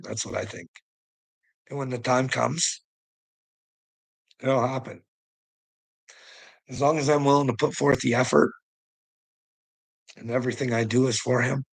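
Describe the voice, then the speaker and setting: A middle-aged man hosting a casual livestream, rambling and teasing his viewers between frequent laughs. His voice is gravelly with a husky edge, and he swears freely as he goes. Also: medium pitch, rough recording. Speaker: livestream host.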